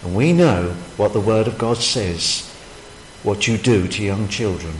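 A man's voice: on the low side, unhurried, slight background noise. A man preaching a sermon, emphatic and full of rhetorical questions. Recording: echoey hall, faint ambience.

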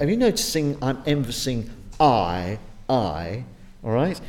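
A man preaching a sermon and reading scripture aloud. He speaks emphatically, swinging from loud, urgent stress down to low, quiet line endings. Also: lively intonation, a little slow.

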